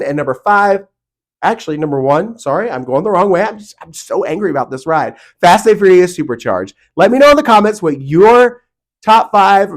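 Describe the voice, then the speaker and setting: A middle-aged man vlogging from a home studio, talking to camera in a casual, opinionated, emphatic way with mock outrage. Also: a little high. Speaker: theme park vlogger.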